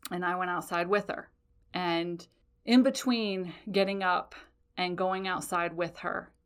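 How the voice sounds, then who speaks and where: A woman's voice: on the low side, gravelly, a bit bright. A woman in her forties hosting a podcast, telling a personal story in a blunt, profane, confessional way. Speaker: podcast host.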